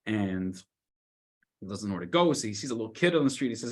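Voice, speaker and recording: A man, a rabbi, telling a story in a weekly Torah class, loudly acting out the scolding characters. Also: fairly low pitch, fast talker. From United States. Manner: animated storyteller, shouts the lines of scolding characters.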